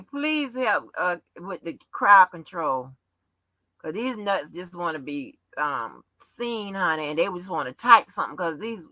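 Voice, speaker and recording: A brash woman hosts a casual livestream, needling her chat in a bright, lively, medium-pitched voice that swoops up and down. She speaks slowly and swears freely, and the audio is dry and close with no room sound, though poor in quality.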